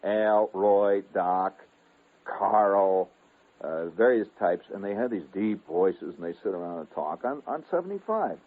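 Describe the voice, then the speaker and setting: A man's voice: on the low side, expressive, unhurried. A man in his fifties from the United States, telling a rambling, digressive radio story with chuckling asides. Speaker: radio host. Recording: narrow, phone-like old radio broadcast.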